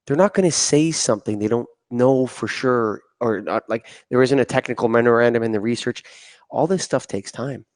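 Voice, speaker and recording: A man's voice: medium pitch, normal speed, a little mellow, no echo. Easygoing man hosting a podcast. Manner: easygoing, many fillers, acts out quotes. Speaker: podcast host. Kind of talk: casual interview. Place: conference venue.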